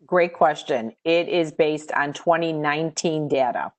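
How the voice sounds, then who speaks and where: A woman with a lowish voice walks viewers through the program rules in a webinar. She explains things in a measured way, with hesitant fillers as she thinks. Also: a little hiss or hum. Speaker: grant program presenter. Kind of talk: webinar Q&A answers.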